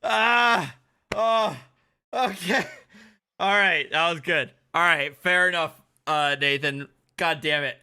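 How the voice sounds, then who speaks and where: A man streams and reacts to videos in a loose, profane chat. His voice is very bright and high, and his delivery is slow. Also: steady tone, smooth. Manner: profane, laughing asides.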